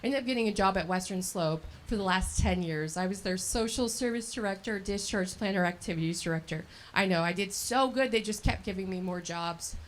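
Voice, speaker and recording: A woman's voice: mid-range voice, fairly quick, few pauses, slight background noise. A woman in her thirties from El Dorado County, telling her own story in a chatty, laughing way as a scholarship recipient speaking at a fundraiser. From El Dorado County, California. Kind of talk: speech at a fundraiser event. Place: event at a brewery.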